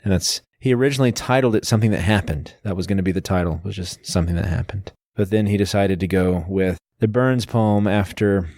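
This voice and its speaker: This podcast host has a deep, slightly mellow voice and talks a little fast with hardly any pauses, casually laying out a novel's background. He lists facts and keeps restarting his sentences, in a clean studio recording free of room sound.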